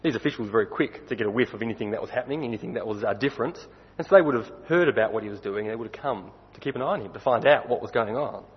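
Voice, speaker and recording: A man's voice: mid-range voice, racing, breathy edge. A man preaching a sermon in a conversational way, putting questions to his listeners. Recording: dull recording with long hall reverb.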